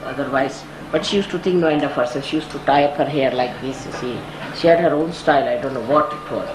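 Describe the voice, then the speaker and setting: An older woman gives a spoken devotional talk to followers. She tells stories with sudden high lifts for emphasis. The recording is roomy and echoey, with a steady noise bed underneath. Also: fast. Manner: storytelling, rises sharply when stressing points. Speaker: spiritual teacher. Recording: echoey room with audible noise.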